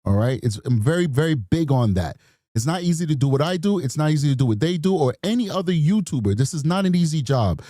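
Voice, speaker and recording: A man's voice: on the high side, animated, fast talker, mellow, no room sound, studio quality. A man hosting a true crime show in casual, rambling commentary, chatty with apologetic asides. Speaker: true crime podcast host.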